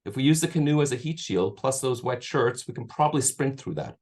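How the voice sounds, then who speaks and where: A man's voice: medium pitch, lively intonation, brisk, darkish tone, pitched above the performer's own voice, close to an everyday voice. A man reading aloud as a blunt, exasperated bearded canoeist in a forest fire.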